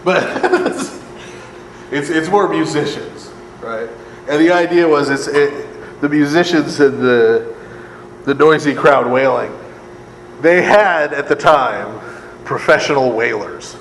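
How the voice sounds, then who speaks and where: A priest leads a Bible study lecture conversationally, often asking "right?", laughing and tossing in sarcastic asides. His voice is fairly high, slow and a bit bright. The room is echoey with long reverb and a faint air conditioning hum.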